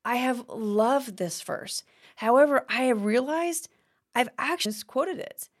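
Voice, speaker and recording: A woman's voice: fairly high pitch, measured pace. A woman hosting a faith-based teaching podcast, talking expressively and acting out complaining prayers. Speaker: podcast host.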